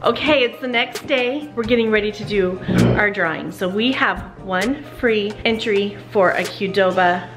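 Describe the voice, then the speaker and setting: A woman's voice: medium pitch, measured pace, over music. A woman talking in a casual family vlog, chatty and proud, laughing often. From Seattle area, USA. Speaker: vlogger mom.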